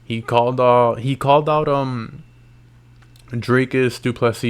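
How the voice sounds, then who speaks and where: A man's voice: medium pitch, steady tone, a little slow, clean tone. A tired man recapping MMA fights late at night in loose, slangy casual talk, yawning and restarting his sentences. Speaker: MMA YouTuber.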